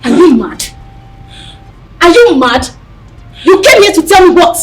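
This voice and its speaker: A woman's voice: very high-pitched, very animated, unhurried, heavy background noise, heavily acted. An actress with a Nigerian accent playing a scornful, hot-tempered wealthy madam who scolds and mocks her maid. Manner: scolding, mocking, blunt. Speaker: employer of the maid.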